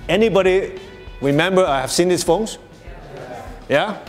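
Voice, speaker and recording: A man's voice: medium pitch, animated, normal speed, soft background music. A man presenting at a live workshop to an audience, speaking conversationally with many restarts and "you know"s, and chuckling often as he explains. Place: workshop space before an audience.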